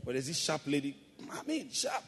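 A man's voice: fairly high pitch, big pitch swings, a little fast, gravelly, fairly bright tone, big-room sound. A male pastor preaching a sermon, calling for amens and acting out playful asides. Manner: preaching with call-and-response and playful acted asides.

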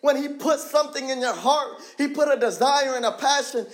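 High-voiced passionate young preacher man. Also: normal speed. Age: 20s. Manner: passionate, repetitive, drops low for emphasis. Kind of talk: sermon.

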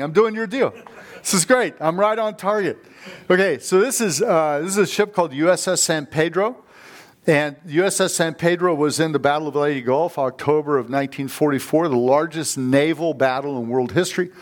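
A middle-aged man preaching a sermon as a guest speaker in a church. He tells stories with energy and keeps calling out for amens from the congregation. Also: fairly high pitch. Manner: fired-up, storytelling, calls for amens. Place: church sanctuary.

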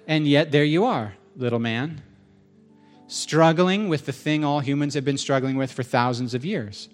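Animated man preaching a sermon. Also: a little high, moderate pace, faint music behind. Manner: conversational, animated, joking with the congregation. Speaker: pastor.

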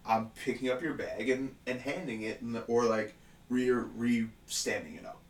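The mic is distant and a bit off-axis, picking up roomy echo and faint room noise around a man with a mid-range voice at normal speed. In casual chat he spins a story with lively energy, lots of swearing, and frequent laughter.

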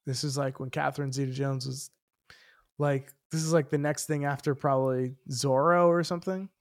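A man's voice: mid-range voice, steady tone, normal speed. A man co-hosting a casual movie podcast who asks lots of curious questions and fills his talk with "like". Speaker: podcast co-host.

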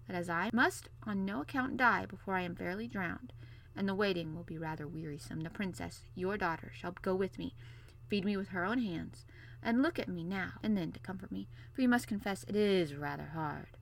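A woman's voice: mid-range voice, moderate pace, creaky, a little hiss or hum, close to an everyday voice, rough recording. A woman voicing a cool, courteous young prince. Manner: calm, polite, a little wistful.

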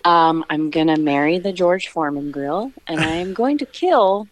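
A woman co-hosting a podcast, speaking slowly and giggling through her turn. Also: on the low side, lively intonation. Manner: slow, giggly. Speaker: podcast co-host. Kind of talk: casual comedic chat. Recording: noisy background.

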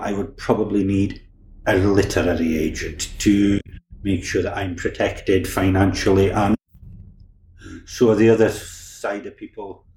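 A man's voice: lowish voice, a little mellow, slight background noise. A man, a crime novelist, chatting easily in a podcast interview and often restarting his words. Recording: roomy echo, faint background ambience.

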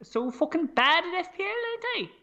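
A man's voice: very high-pitched, sing-song, moderate pace, sharp tone, lo-fi sound, pitched above the performer's own voice, heavily acted. A man putting on a crude, boastful Welsh man in a put-on Welsh accent, swearing and ending lines with rising tags.

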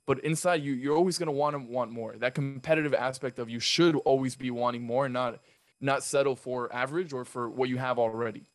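A man's voice: mid-range voice, brisk, soft background music. Man giving earnest mindset advice. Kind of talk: casual podcast chat.

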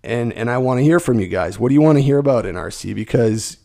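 A middle-aged man hosting a podcast, hoarse from a cold and sounding rough as he rambles casually. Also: mid-range voice, lively intonation, fast, dark tone. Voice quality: rough, gravelly. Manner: rambling, stream of consciousness. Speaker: podcast host. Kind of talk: casual solo podcast chat.

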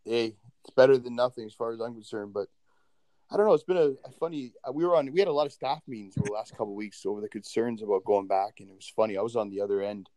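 A man, a teacher, telling a funny story in animated casual chat and quoting people with a raised voice. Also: on the low side, quick pace, no echo, rough recording.

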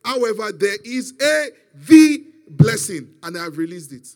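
A man preaching who voices a blind old father, speaking slowly and with weight. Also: high-pitched, big pitch swings, fairly bright tone. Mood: solemn. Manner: deliberate, emphatic.

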